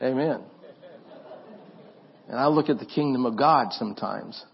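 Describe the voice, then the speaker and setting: A man's voice: mid-range voice, unhurried, vocal fry, slightly rough, highs cut off. A man preaching as a pastor, earnest and repetitive, in a church. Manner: earnest preaching with repeated phrases and restarts. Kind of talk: sermon.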